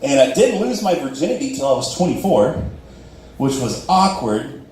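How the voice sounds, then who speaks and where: Animated young man doing stand-up. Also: normal speed, a little hiss or hum. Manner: self-deprecating, acts out dialogue in high squeaky voices. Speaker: stand-up comedian. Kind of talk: stand-up comedy set. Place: comedy club stage. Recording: roomy club audio from far off.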